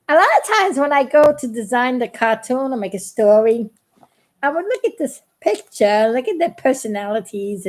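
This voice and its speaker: A woman's voice: fairly high pitch, a little mellow. A middle-aged woman chatting to her viewers in a rambling personal story, giggling often and restarting her sentences. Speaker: vlogger.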